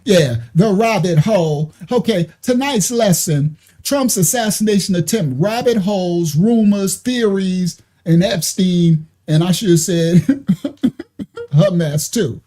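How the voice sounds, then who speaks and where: Her voice is fairly low and dark, and she speaks slowly. She's a livestream host doing reaction commentary at her computer with her screen shared, chatty, mocking, often laughing and heavy on slang.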